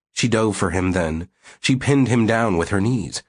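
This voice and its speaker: A man reading a novel aloud as audiobook narrator in a steady, measured way. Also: lowish voice. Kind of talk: scripted narration.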